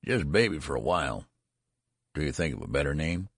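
Man playing a flustered dad, deep gruff stammer. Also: very animated, fairly quick, no echo, clean studio sound, heavily acted. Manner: nervous, stammering, then harsh. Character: flustered middle-aged father, nervous and gruff.

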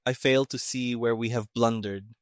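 A man's voice: medium pitch, fairly even intonation, normal speed, clear, resonant tone, dry recording, clean studio sound, close to an everyday voice. A man reading a story, voicing a male army major who grumbles and mutters. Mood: grumbling.

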